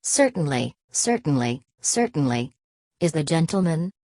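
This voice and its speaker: A woman's voice: low voice, big pitch swings, unhurried, mellow, no echo, exaggerated voice. A woman reading a fussy, eager librarian. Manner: voluble, eager. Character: fussy, eager, dutiful old male librarian.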